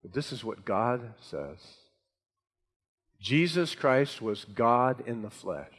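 A man's voice: medium pitch, sing-song, takes it slowly, a bit bright. A man preaching a sermon to a congregation, with emphatic, rising delivery. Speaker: pastor. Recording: hall reverb.

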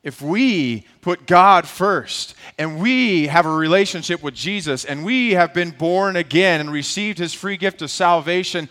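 Animated pastor, a man telling a story. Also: sits high, unhurried, hardly any pauses. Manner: animated storytelling, acts out family voices. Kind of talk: sermon with personal story.

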